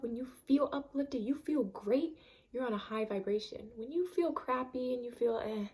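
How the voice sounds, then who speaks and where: A woman's voice: mid-range voice, darkish tone. A woman giving an earnest, emphatic self-help talk on a vlog, repeating phrases for stress. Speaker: vlogger.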